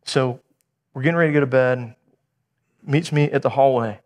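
Middle-aged male pastor, sermon delivery, animated storyteller, middle pitch. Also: normal speed. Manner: animated storytelling, acting out dialogue.

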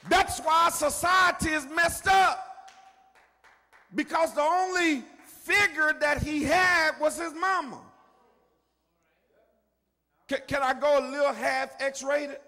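Older preacher, high voice, shouts and murmurs, long hall reverb. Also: male voice, takes it slowly, pauses often. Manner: preaching, swinging from quiet asides to shouting. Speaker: pastor. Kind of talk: sermon. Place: church sanctuary.

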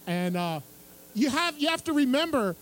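A middle-aged man telling an animated anecdote to a live audience at a book signing, acting out other people's lines and laughing as he goes. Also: very high-pitched, normal speed, rough recording. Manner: lively storyteller who acts out other people's lines and laughs through the tale. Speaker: radio and TV music host telling a story at a book signing. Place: radio station stage at a public event.

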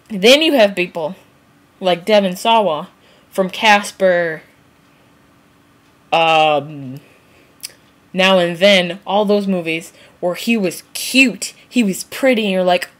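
A woman's voice: medium pitch, measured pace, fairly bright tone. A woman vlogger ranting casually and comically to camera, rambling, laughing at herself and swearing freely. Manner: rambling, giggly, swears freely, acts out quotes. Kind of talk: casual comedic rant to camera.

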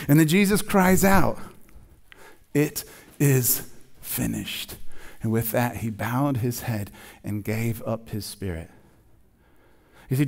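Man preaching an emphatic, conversational sermon. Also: mid-range voice. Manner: conversational, emphatic preaching with sudden quiet drops. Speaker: pastor. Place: church.

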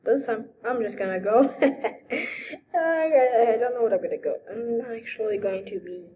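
A young woman giving excitable, giggly commentary while playing a video game. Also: a little high, phone-quality sound, a little hiss or hum. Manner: giggly, excitable, quick outbursts. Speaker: gamer. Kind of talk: let's play commentary.

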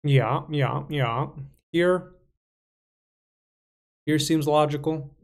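This young chess streamer speaks very slowly in a voice on the high side. Playing online, he casually self-talks, mumbling and dropping playful asides.

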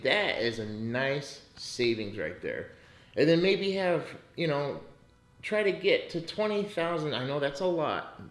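A man's voice: medium pitch, roomy sound. A man hosting a casual podcast about money, talking bluntly and ranting with lots of swearing. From United States. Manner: profane and blunt, rants in bursts. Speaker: podcast host.

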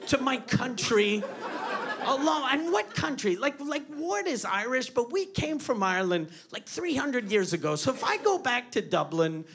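A man from Quebec, doing a stand-up comedy set on a club stage, telling animated, profane stories full of restarts. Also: very high voice, normal speed, few pauses, noisy background. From Quebec, Canada. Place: comedy club stage before a live audience.

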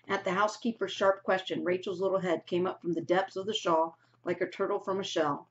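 A woman teacher reading a novel aloud to her class in a steady narrating voice, on a dull lo-fi recording. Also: lowish voice, fairly quick, few pauses.

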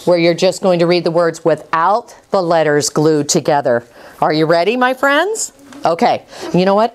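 A woman reading teacher coaching a class through words, with upbeat praise and quick prompts. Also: lowish voice, a little hiss or hum.

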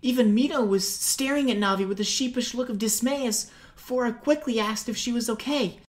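A woman narrating a fan-made storybook audiobook with even storytelling. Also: on the high side, brisk.

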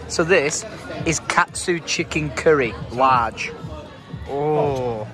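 A young man hosting his vlog, chatting excitedly and laughing often over a meal in a busy restaurant. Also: fairly high pitch, drawn-out words. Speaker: vlogger host. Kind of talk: casual chat. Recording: noisy restaurant with music and chatter.

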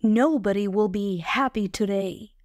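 Storybook: woman reads a proud tormented gentleman, slow and dry. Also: mid-range voice, no room sound, close to an everyday voice. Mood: tense. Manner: plain, slow, measured reading. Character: proud anguished man, master of the house.

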